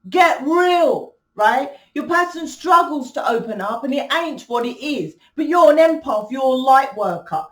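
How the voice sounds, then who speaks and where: A woman's voice: high-pitched, expressive, normal speed, few pauses, a bit bright, roomy sound, recorded from a distance. A woman giving a spiritual reading to her viewers, blunt and emphatic, swearing freely. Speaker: spiritual reader. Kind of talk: casual monologue to viewers.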